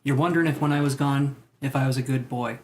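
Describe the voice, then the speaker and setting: Out of breath, a man doing live-stream tarot readings keeps up chatty, self-deprecating banter with viewers. He talks quickly in a steady, darkish mid-range voice, with slight hiss or hum in the audio.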